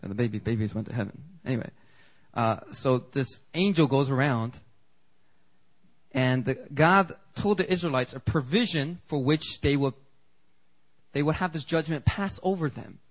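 A man preaching a sermon as pastor in a church, animated and conversational, with quick asides to the congregation. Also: medium pitch, low-quality recording. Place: church sanctuary.

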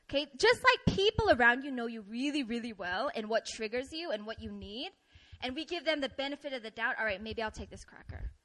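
A young adult woman giving a sermon, telling stories and acting out her own complaints in an animated way. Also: high voice, poor audio. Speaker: preacher.

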